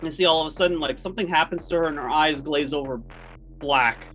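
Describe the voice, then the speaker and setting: A man's voice: a little high, fast talker, fairly bright tone. Male game master narrating, faint music. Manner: hesitant, many fillers. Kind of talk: narrating a tabletop horror game.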